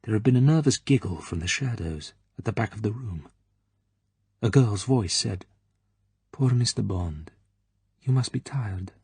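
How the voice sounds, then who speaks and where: A man reading a novel aloud in measured scripted narration. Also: sits low, husky, no echo. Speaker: audiobook narrator.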